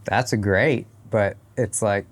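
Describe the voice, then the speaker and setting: A man's voice: fairly low pitch, fairly even intonation, slow. A man talking as a guest on a podcast, thoughtful and often restarting his phrases, at a horse competition. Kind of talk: casual interview chat.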